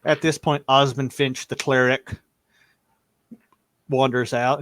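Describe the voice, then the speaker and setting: A man narrating a tabletop game as game master, halting, with many restarts and fillers. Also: medium pitch, fairly even intonation, no room sound.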